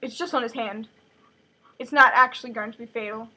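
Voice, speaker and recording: A woman's voice: a little high, fairly quick, bright, forceful tone, breathy edge, poor audio. A woman casually retelling a book chapter in a chatty, joking way full of fillers.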